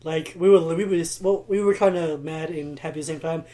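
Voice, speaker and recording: Swearing, animated young man. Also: fairly high pitch, fairly quick. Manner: animated storyteller, swears freely, laughs often. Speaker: podcast co-host. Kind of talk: casual chat.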